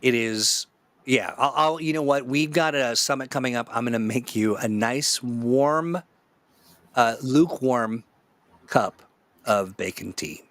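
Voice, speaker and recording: A man's voice: mid-range voice, a little slow, a bit bright, dry recording. A man hosting a loose, jokey chat, drifting from one silly tangent to the next and laughing often. His voice sits in an ordinary middle range and is recorded close and dry, with no room sound around it. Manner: joking, rambling, laughs often. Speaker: host. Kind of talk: casual chat.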